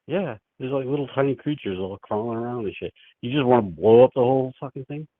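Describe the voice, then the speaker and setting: A man's voice: medium pitch, quick pace. A man calling into a show over the phone, rambling in a crude, laid-back way with lots of fillers. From United States. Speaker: caller. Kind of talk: casual phone chat. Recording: tinny phone line.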